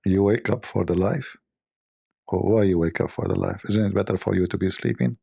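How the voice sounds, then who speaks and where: Gravelly, mellow-voiced man teasing his chat. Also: sits low, fairly even intonation, fairly quick. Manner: teasing, joking, mock-offended banter. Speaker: livestream host. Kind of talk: casual livestream chat with viewers.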